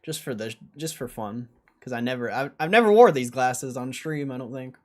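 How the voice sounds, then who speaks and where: A young man rambles through a casual livestream, joking and laughing to himself as he sets things up. His voice sits in an ordinary middle pitch, loose and unpolished. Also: animated, moderate pace, darkish tone. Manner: joking, rambling self-talk with frequent laughs. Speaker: streamer.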